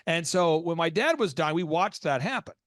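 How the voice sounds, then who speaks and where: An American man hosts a business podcast with a fairly high, animated voice. He tells stories at speed, rises into excited squeaks for his own reactions, and sounds dry and close to the mic. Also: moderate pace, dry recording. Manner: lively, jumps into high excited voices when acting out reactions. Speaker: podcast host.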